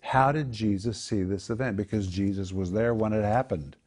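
A man's voice: fairly low pitch, moderate pace, a little mellow. A man teaching the Bible in a home group discussion, explaining Greek words and repeating key phrases for emphasis.

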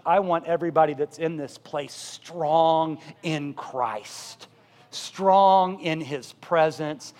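High-voiced pastor preaching in an echoing church. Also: male voice. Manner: impassioned, rising to loud emphatic peaks. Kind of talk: sermon. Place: church sanctuary. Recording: reverberant church hall.

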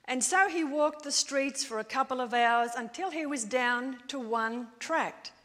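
A woman preaching a sermon in a church, in a measured storytelling way. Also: high-pitched, sharp tone. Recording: long church-hall reverb.

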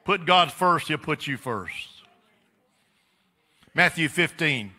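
A man preaches to his congregation in an emphatic, repeating rhythm. His voice is high and piercingly bright. It rings with a long reverb through the sanctuary. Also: lively intonation, slow pace, pauses often. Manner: emphatic, repetitive preaching with spoken asides to the congregation. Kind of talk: sermon. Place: church sanctuary. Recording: echoey church hall.

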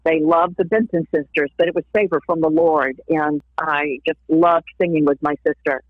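A woman's voice: low-pitched, steady tone, moderate pace, no room sound. A woman from Florida shares her faith story as a guest on an interview show. She laughs often and plays out the voices of people she quotes. Her voice comes through a tinny phone line with a dry, close sound. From Florida, USA. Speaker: interview guest, singer and evangelist. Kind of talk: personal testimony in a casual interview.

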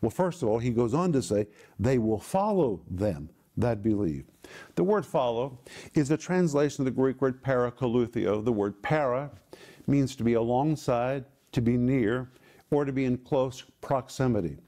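A man hosting a ministry broadcast, teaching the Bible in an emphatic way and slowing down to stress key words. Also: medium pitch, lively intonation, dark tone.

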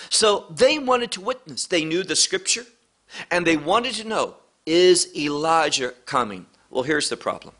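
Slow, bright-voiced male Bible teacher. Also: a little high, sing-song. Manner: emphatic, asks and answers rhetorical questions.

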